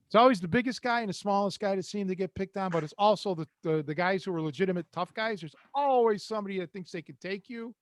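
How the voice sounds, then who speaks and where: Older man, host. Streetwise storyteller, higher than typical pitch, dry close-mic sound. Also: quick pace, hardly any pauses, no room sound. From Cleveland, Ohio. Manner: rambling, streetwise, quotes others in voices. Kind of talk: casual storytelling.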